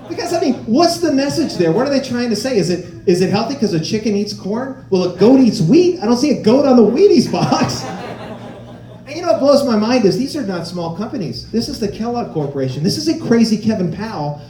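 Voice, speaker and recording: A man's voice: high voice, big pitch swings, a little fast, warm tone, reverberant, far from the mic. A man performing a stand-up comedy set, telling stories and acting out other people's voices.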